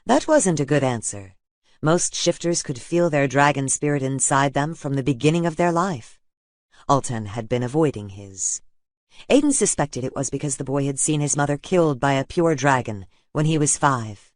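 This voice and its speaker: A man reading a fantasy audiobook in a steady, even narration. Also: medium pitch, moderate pace, no room sound, clean studio sound.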